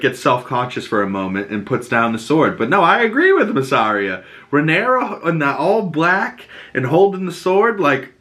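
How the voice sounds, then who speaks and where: A man's voice: on the low side, fairly bright tone. A young man hosting a podcast, recapping a TV episode in a loose, profane, filler-heavy casual way. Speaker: podcast host.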